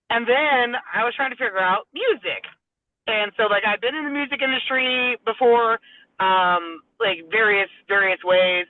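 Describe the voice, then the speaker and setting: A woman's voice: fairly high pitch, unhurried, no room sound. A woman from Southern California, a professional wrestler guest, telling a long story casually and acting out the other people's lines with a laugh now and then. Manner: rambling, acts out quoted dialogue, laughs often. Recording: tinny phone-like dry sound.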